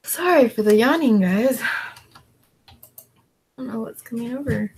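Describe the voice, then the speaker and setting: This reseller vlogger drawls slowly and easily through a casual chat with viewers, filling gaps with lots of fillers as she works and responds to them. Her tone is gravelly and creaky, her dog calls are high and coaxing, and some faint hiss or hum is audible.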